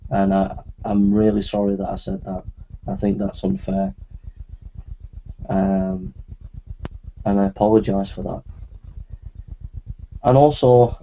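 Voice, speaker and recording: A man speaking in an apology video, halting and repeating his words as he apologises earnestly. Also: lowish voice, vocal fry, warm tone, muffled recording, a little hiss or hum. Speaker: video maker.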